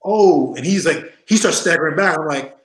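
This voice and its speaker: In an interview, a man in his forties tells casual stories at normal speed in a somewhat high voice. He joins by video call from a room at home where his voice echoes. He is animated and often laughs, and he takes on the voices of the characters he mentions.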